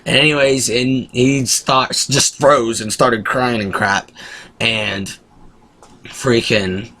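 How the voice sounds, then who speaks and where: A man giving a casual, excitable spoken review, rambling through scenes as he retells them. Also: mid-range voice, slow, a little hiss or hum. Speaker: show reviewer.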